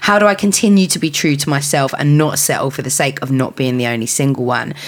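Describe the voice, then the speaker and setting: A woman's voice: a bass voice, steady tone, quick pace. A woman hosting a podcast, chatting candidly and swearing freely. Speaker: podcast host. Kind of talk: casual chat.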